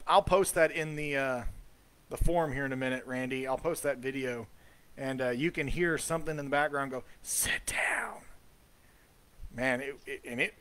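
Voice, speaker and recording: A man's voice: medium pitch, a bit bright. A man hosting a casual live commentary over ghost-hunt footage, chatty and trailing off with fillers. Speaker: host.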